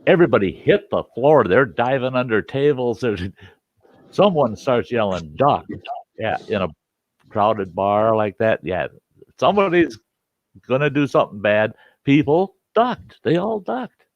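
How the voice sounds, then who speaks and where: A man hosting a storytelling show, telling a tale in a folksy, animated way with salty language, on a dull, dry recording. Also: fairly low pitch, normal speed, no room sound. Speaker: storyteller host. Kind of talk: casual spoken storytelling.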